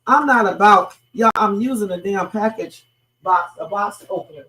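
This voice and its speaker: Streamer reacting to clips, cussing a lot, talks right to chat, middle pitch. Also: normal speed, pushed and bright. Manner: blunt, profane, talks straight to viewers. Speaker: livestream host. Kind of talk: casual reaction commentary.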